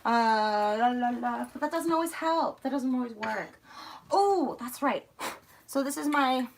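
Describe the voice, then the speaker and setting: A woman's voice: a little high, animated, measured pace, a little hiss or hum. Chatty young woman with a Philly accent. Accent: Philadelphia area. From outside Philadelphia. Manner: chatty, rambling, self-mocking. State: slightly hoarse. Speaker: vlogger. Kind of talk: casual livestream chat while packing.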